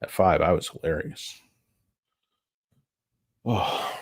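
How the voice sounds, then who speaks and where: Middle-aged male stream host, very low voice, dry close sound, rambling and crude. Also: takes it slowly, dry recording. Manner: crude joking asides, tangents, loud bursts. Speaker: stock market livestream host. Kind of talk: rambling casual market commentary.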